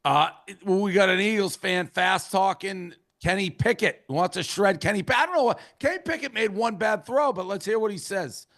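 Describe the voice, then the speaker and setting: Male host, higher voice, chatty and loose. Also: animated, moderate pace, few pauses, fairly bright tone. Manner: loose, chatty, tosses to callers. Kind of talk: casual sports talk.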